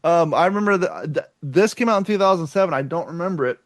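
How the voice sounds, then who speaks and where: A man's voice: sits high, quick pace, no echo. A man from Kentucky co-hosting a casual podcast, rambling, laughing often and swearing freely. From Kentucky, USA. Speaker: podcast co-host.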